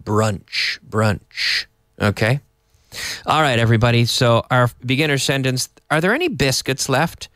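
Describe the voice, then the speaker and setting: Relaxed man teaching English, dry sound. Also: mid-range voice, no echo. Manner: relaxed, explains slowly with Spanish glosses. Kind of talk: live online English lesson.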